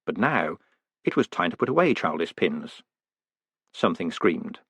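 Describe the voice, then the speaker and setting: A man reading a fantasy novel aloud as an audiobook, with expressive, wry storytelling. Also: low-pitched, measured pace, husky, no echo. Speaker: audiobook narrator. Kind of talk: audiobook narration.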